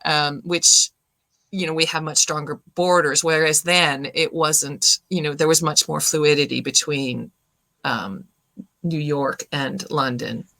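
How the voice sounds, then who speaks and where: A woman, chatting as a guest in a relaxed interview, lively and laughing often. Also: sits low, measured pace, dry recording. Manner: lively, laughing, animated storyteller. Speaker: guest, singer and voice actor. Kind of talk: casual video-call chat.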